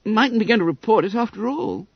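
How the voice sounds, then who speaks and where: A man's voice: sits high, lively intonation, brisk, vocal fry, husky, dry recording, pitched above the performer's own voice, heavily acted. A man voicing an eager, boisterous teenage schoolboy who speaks in exclamations. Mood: cheery. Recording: dull, dry audiobook recording.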